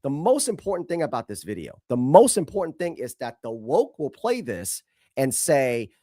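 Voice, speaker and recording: Host type, male, medium pitch, blunt and emphatic, dry close sound. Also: sing-song, normal speed, mellow, no echo. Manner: blunt, emphatic, swears freely. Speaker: show host. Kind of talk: opinionated commentary show.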